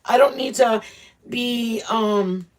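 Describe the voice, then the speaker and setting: A woman's voice: on the high side, takes it slowly. A middle-aged woman hosting a casual livestream chat. She talks bluntly and rambles, with lots of fillers and restarts. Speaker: channel host chatting with live viewers.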